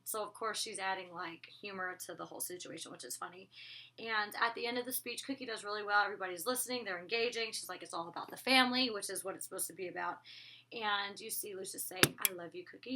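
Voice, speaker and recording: A woman's voice: mid-range voice, quick pace, pushed and bright. A young woman recapping a TV episode in a casual, gushing vlog, acting out the characters' lines as she goes. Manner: gushing, chatty, acts out characters' lines with voices.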